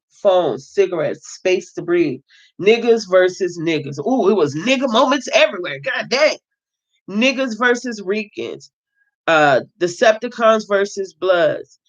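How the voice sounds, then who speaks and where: A woman with a medium-pitched voice emphatically reads a novel aloud in a casual way, talking back to the text and swearing freely as she reacts. The sound is dull and lo-fi.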